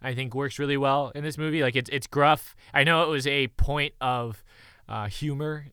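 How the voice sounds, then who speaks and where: A man in casual conversation about a movie, animated and quick to laugh. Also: medium pitch, clean tone, dry recording, studio quality.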